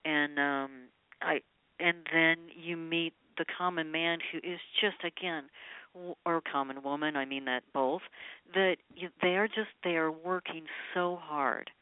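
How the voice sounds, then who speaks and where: A woman's voice: low voice, fairly even intonation, measured pace, clean tone, no room sound. A woman singer-songwriter chatting as a guest in an interview, rambling with lots of filler sounds. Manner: chatty, rambling with many ums. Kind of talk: casual interview chat. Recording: tinny phone-like line.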